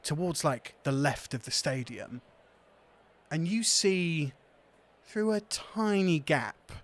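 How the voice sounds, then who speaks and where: A man narrating a tabletop game as game master, in a relaxed, descriptive way. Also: on the high side.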